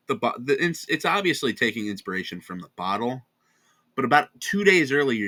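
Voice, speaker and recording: A man's voice: fairly low pitch, bright, forceful tone. A tired man with an American accent giving a rambling, sarcastic casual commentary on online drama, often correcting himself. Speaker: commentary channel host.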